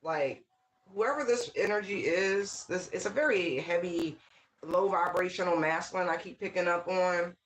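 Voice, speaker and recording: A tarot reader giving a casual channeled reading, talking straight to the viewer with lively exclamations, repeated words and frequent "right?" checks. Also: mid-range voice, normal speed, rough recording. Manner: talks straight to the viewer, often asking "right?".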